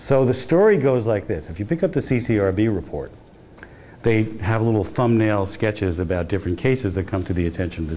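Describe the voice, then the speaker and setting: A man's voice: fairly low pitch, a little mellow. A male professor giving a guest lecture in a university hall, telling stories in a conversational way, often restarting his sentences. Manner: conversational storytelling with frequent restarts.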